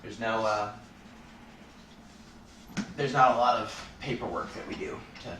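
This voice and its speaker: A man's voice: on the low side, steady tone, measured pace, background noise. A man casually chatting and joking while streaming a game, rambling in a playful way. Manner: playful, rambling, jokey asides. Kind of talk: casual gameplay chat on a live stream. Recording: roomy, distant mic with loud music behind. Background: game music.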